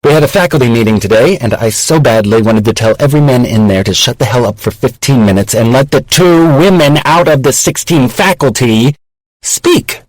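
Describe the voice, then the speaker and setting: A man's voice: medium pitch, a little fast, no room sound, close to an everyday voice, rough recording. A wry confiding woman professor, read by a man. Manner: confessional and self-mocking. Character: wry, candid woman professor in her thirties.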